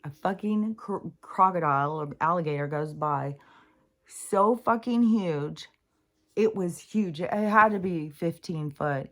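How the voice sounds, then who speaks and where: A middle-aged woman talking casually on her own channel, rambling with many fillers, restarts and plenty of swearing. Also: sits low. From Pacific Northwest US. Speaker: spiritual vlogger.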